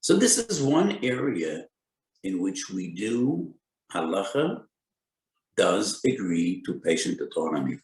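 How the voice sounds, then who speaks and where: Rabbi lecturing on Jewish law: deep gravelly male voice, slow deliberate delivery, echoey room. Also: very animated. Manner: deliberate, cites sources with Hebrew terms. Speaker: rabbi giving a Torah lecture.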